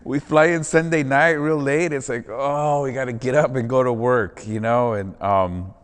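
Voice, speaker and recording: A man's voice: medium pitch, fairly even intonation, moderate pace, clean tone, big-room sound. A man who performs in theater, talking in a casual, earnest and reflective way during an interview, often calling the listener "man".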